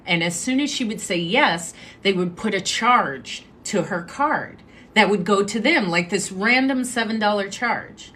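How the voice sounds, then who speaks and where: A woman hosting a live stream, telling a story in a chatty, animated way and making asides to her viewers. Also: mid-range voice, measured pace, slight background noise. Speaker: livestream host.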